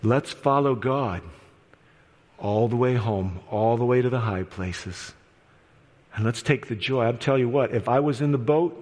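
Impassioned preacher in a reverberant auditorium. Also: male voice, mid-range voice. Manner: impassioned, appealing, swings between loud storytelling and hushed pleas. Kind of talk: evangelistic sermon. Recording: long hall reverb.

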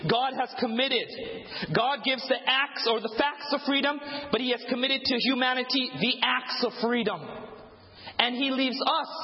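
A man preaching a sermon, telling stories and acting out the dialogue with animation. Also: very high voice. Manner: animated storytelling, acts out dialogue. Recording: echoey hall, dull lo-fi sound.

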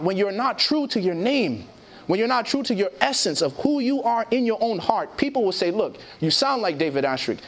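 A man preaching a sermon, reading scripture aloud and asking his listeners questions. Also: high voice. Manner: asks the audience questions, reads scripture aloud.

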